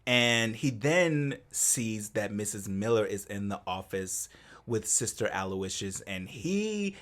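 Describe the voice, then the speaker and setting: A man co-hosting a podcast, recapping a film scene in casual chat, animated, laughing often and acting out the characters' lines. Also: fairly low pitch, takes it slowly. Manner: animated storyteller, laughs often, acts out quotes. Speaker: podcast co-host.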